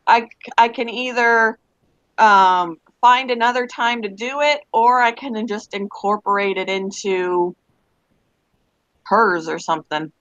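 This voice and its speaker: A middle-aged woman with a Canadian accent chats casually and rambles, laughing often. She talks at an average pitch. Her voice comes through dry and a little dull, like a lo-fi voice chat mic. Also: slow pace, fairly bright tone, no echo. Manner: rambling, chatty, laughs easily. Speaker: voice chat participant.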